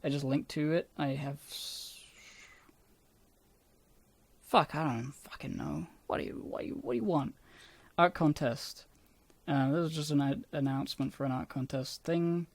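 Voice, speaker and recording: A man casually rambling about his own old videos, self-deprecating and swearing often, with a somewhat squeaky voice. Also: normal speed, long pauses, no room sound.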